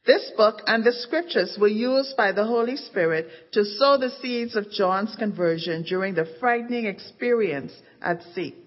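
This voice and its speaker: A woman narrating a story with measured, dramatic emphasis, in a dull recording of an echoing hall. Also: medium pitch. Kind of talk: scripted narration. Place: church event stage.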